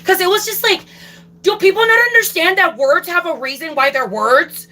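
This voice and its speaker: A woman's voice: extremely high pitch, moderate pace, sharp tone, low-quality recording. A young woman ranting casually on a livestream, swearing a lot and repeating herself for emphasis.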